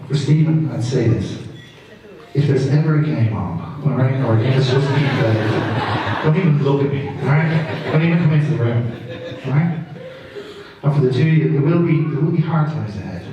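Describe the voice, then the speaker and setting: Heard distantly in an echoey reception hall with faint room noise, a man with a medium-pitched voice speaks as father of the bride. He warmly tells humorous family stories, laughing at his own punchlines, and the recording is muffled.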